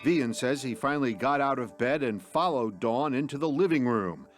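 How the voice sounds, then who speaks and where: A man narrating a true-crime report as a TV news correspondent, with a measured, deliberate delivery. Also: mid-range voice, lively intonation, music in the background.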